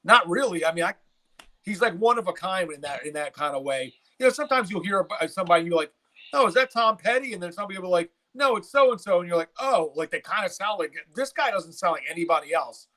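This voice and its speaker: A man's voice: sits high, lively intonation, fast talker, pushed and bright. A man hosting a music reaction video, talking casually and hesitantly with many fillers and restarts. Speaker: reaction channel host. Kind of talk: casual chat.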